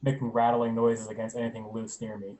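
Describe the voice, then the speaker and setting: A man playing in a tabletop role-playing game, talking through his moves deliberately. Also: on the low side, little pitch movement, mellow, poor audio. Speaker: player. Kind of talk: casual tabletop play.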